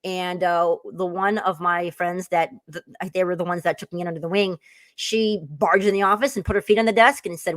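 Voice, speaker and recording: Her voice is lowish and steady, and she talks a little fast, a woman in her forties appearing as a guest. She rambles through laughing anecdotes full of fillers in a casual chat. No room sound is audible.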